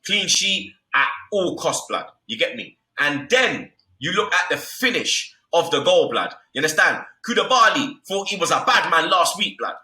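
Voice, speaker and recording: A man's voice: fairly high pitch, sing-song, normal speed, hardly any pauses. A young man in heated football banter, swearing hard and tagging nearly every phrase with street slang. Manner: loud, swearing, repeats street slang tags. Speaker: football podcast co-host. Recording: echoey room.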